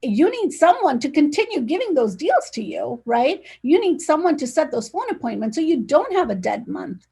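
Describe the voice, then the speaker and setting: A woman's voice: high voice, sing-song, normal speed, gravelly, warm tone. A woman speaking energetically and directly as an interview guest, talking over a video call. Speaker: real estate agent, guest. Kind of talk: casual conversational interview.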